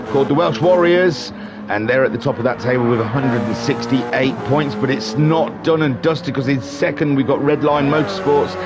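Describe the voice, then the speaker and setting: Chatty man commentating racing. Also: medium pitch. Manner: chatty, rambling, self-deprecating asides. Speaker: sim racing league commentator. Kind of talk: live stream race commentary. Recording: music playing behind voice. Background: music.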